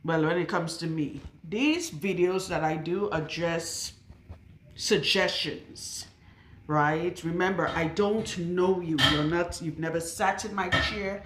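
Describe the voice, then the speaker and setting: Working on a client in her radiator-equipped salon, this loctician addresses the camera in a low, slow voice, outspoken and forceful, throwing in rhetorical questions. Echo fills the room, and there's slight background noise.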